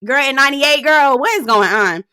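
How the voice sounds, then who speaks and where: A woman in her thirties giving a sassy, animated recap of a reality show, with laughing asides and quoted lines. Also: sits high, brisk, dry recording, studio quality. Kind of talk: casual recap commentary.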